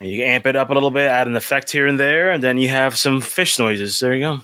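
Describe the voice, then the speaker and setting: A man's voice: medium pitch, quick pace, pushed and bright, clear, resonant tone, no room sound. A middle-aged man co-hosting a casual movie commentary, wry and fond of sharing trivia. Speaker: co-host.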